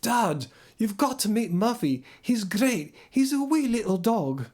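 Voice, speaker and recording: A man's voice: high-pitched, very animated, measured pace, darkish tone, voice pushed up, heavily acted. A man doing a playful impression of Glaswegian family friends and a little girl, in an exaggerated Glaswegian Scottish accent. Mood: chirpy. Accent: Glaswegian Scottish, imitated. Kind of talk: casual live-stream chat.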